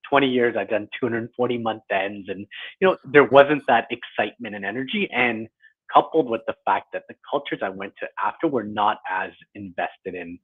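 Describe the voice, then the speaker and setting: A man in his forties speaks in a low, husky voice, reflective and a little self-deprecating as a guest in an interview. The sound is thin and tinny, like a phone line. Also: normal speed. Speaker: guest author. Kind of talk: conversational interview.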